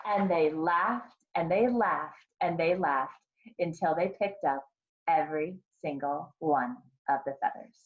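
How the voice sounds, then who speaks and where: A woman kindergarten teacher reading a picture book aloud to her class, slow and expressive, pausing to ask the children questions. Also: low voice, narrow, tinny audio.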